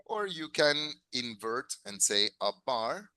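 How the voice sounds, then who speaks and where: Man, english teacher, bright voice, dry close sound, patient, repeats words. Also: medium pitch, sing-song, takes it slowly, no echo, poor audio. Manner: patient, repeats and corrects words, praises students. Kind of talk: classroom lesson mixing English and Spanish.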